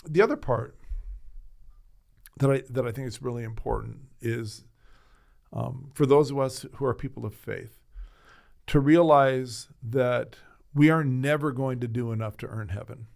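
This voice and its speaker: A middle-aged man, a hospital chaplaincy director, telling a story in an earnest, animated conversational way. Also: medium pitch, measured pace, vocal fry, pauses often. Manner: earnest, animated storyteller who voices others.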